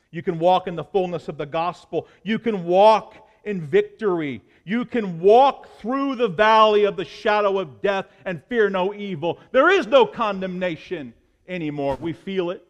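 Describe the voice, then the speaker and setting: A man preaching a passionate sermon as pastor, swinging between loud appeals and hushed asides. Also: high voice, in a large hall, lo-fi sound.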